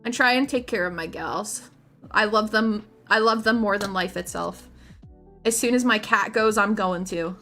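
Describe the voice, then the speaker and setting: Bright, giggly woman streamer. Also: medium pitch, moderate pace, faint music behind. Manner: rambling, restarts phrases often, giggly. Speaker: streamer painting miniatures. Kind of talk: casual live-stream chat while painting.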